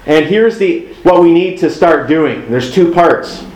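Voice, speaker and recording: A man's voice: fairly high pitch, expressive, unhurried, a little mellow. A middle-aged man preaching a sermon in a loose, conversational way, acting out little exchanges between spouses. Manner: conversational, acts out little dialogues. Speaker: pastor. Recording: roomy echo.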